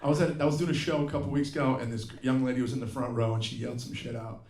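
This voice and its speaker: A stand-up comedian in his fifties performs a profane set at a live comedy venue, ranting in exasperation and mocking people with put-on voices. He talks at a racing pace in a medium-pitched, darkish voice with fairly even intonation. The venue sounds roomy, and the crowd laughs.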